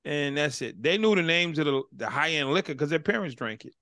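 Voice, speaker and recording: A man who is the guest on an interview podcast, telling stories in a casual, animated way and acting out both sides of each dialogue. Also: a little high, brisk, dry recording, studio quality. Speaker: guest, motivational speaker.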